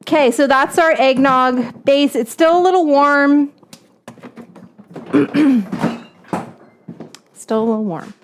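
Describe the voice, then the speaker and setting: Hosting a casual cooking livestream from her home kitchen, a woman whisks and stirs while chatting playfully and poking fun at herself. Her voice is high-pitched and slow, with frequent pauses and slight background noise.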